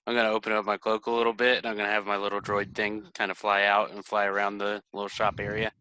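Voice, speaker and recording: A man with a low, forceful, tense voice chats casually as a tabletop game player, working out his moves aloud. The sound is dry and close. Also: monotone, fast, clear, resonant tone, no room sound, poor audio.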